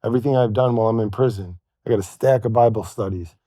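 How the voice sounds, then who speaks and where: A man telling a long personal story as a podcast guest, halting and quoting what others said to him. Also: fairly low pitch, warm tone, no room sound, studio quality. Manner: halting, retells events with quoted dialogue. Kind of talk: storytelling in conversation.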